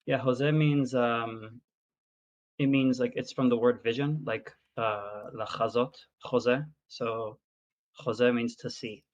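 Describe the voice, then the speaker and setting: A man's voice: medium pitch, steady tone, slow. A man from Israel, a guest on a call, explaining things hesitantly with many fillers. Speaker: guest caller. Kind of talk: casual chat. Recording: dull lo-fi call audio.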